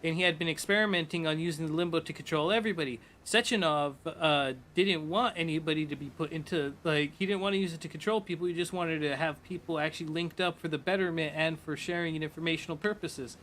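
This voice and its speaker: A man with a fairly high, bright voice talks loosely and at length. He swears freely and keeps slipping into quoted lines as he retells a story. It sounds like casual chat from a streamer. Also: fast talker, hardly any pauses, a little hiss or hum.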